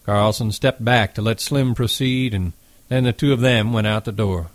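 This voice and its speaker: A man narrating a novel as an audiobook in a steady, measured reading. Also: medium pitch, no room sound.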